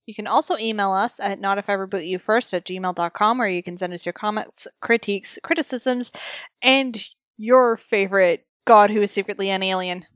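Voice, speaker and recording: A woman co-hosting a podcast in relaxed casual chat, laughing often. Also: mid-range voice, normal speed, no echo, clean studio sound. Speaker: podcast co-host.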